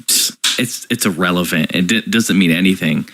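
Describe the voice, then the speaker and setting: A man's voice: deep voice, normal speed, a bit bright. A man co-hosting a casual chat, talking in a reflective, rambling way with lots of asides. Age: adult. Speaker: podcast co-host.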